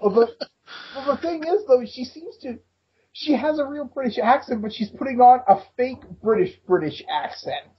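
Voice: high-pitched, expressive, normal speed, husky. A podcast co-host in casual wrestling chat who laughs often, with an easygoing manner, on dull lo-fi audio.

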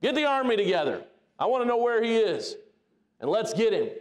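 A man's voice: high-pitched, big pitch swings, a little fast, pitched above the performer's own voice. A man playing a barking, suspicious king. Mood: demanding. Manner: barking, demanding orders. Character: suspicious, commanding ancient male king.

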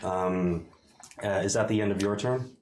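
A man narrating a tabletop game as dungeon master, describing the action in a halting way with many pauses. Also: lowish voice, darkish tone, a little hiss or hum. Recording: roomy echoey room.

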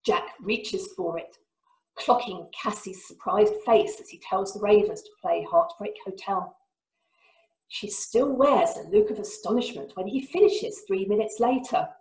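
A woman author reading aloud from her novel on a video call, lifting her voice high for the shouted lines. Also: a little slow, echoey room, poor audio. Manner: lively reading, voicing shouted lines with big pitch jumps.

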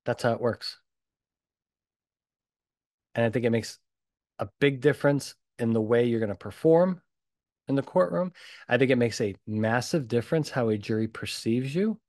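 A man's voice: mid-range voice, normal speed, no echo, studio quality. A man hosting his own podcast, talking bluntly and emphatically, with a lot of punchy repetition. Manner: emphatic and animated. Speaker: podcast host. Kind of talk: solo podcast talk.

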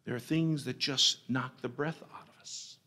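Impassioned middle-aged pastor in a reverberant chapel. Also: male voice, mid-range voice, fairly even intonation, moderate pace. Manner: impassioned storytelling, swinging from loud cries to hushed near-whispers. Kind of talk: sermon. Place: college chapel. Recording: chapel reverb from an old cassette tape.

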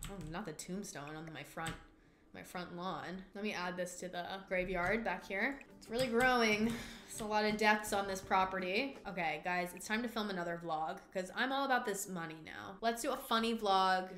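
A woman hosting a gaming channel, giving excitable, dramatic play-by-play commentary with frequent swearing. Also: medium pitch, a little fast, echoey room, soft background music. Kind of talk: casual gameplay commentary.

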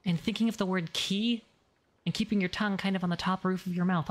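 A woman streamer in casual chat, rambling with many fillers while demonstrating voice exercises that move between a low and a higher register. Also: steady tone, fast talker.

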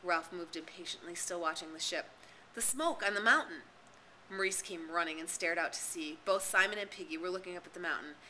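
A woman's voice: fairly low pitch, fairly even intonation, fast talker, few pauses, sharp tone, a little hiss or hum, poor audio. A woman narrating a novel as an audiobook, reading expressively and dramatically. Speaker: reader and tutor.

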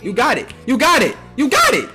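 Loud trash-talking young male gamer. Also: very high voice, huge pitch swings, faint music behind. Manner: loud, taunting, quick swings between shouts and mutters. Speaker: gaming streamer. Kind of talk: trash-talking gameplay commentary.

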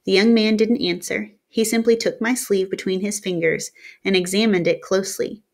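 A woman reading a novel aloud in a steady storytelling manner, narrating in the first person. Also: medium pitch, normal speed, gravelly. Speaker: reader. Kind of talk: audiobook narration.

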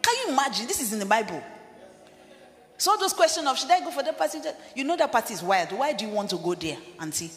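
A middle-aged woman preaching a sermon as a pastor, emphatic and shouting at her peaks. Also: big pitch swings, quick pace. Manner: emphatic, rising to shouts and dropping low for quoted voices. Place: church hall. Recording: reverberant church hall with music.

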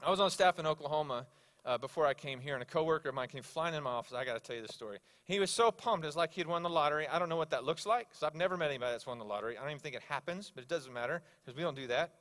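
A male pastor preaching a sermon, telling stories with animated swings between loud exclamations and hushed asides. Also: a little high, very fast. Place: church sanctuary.

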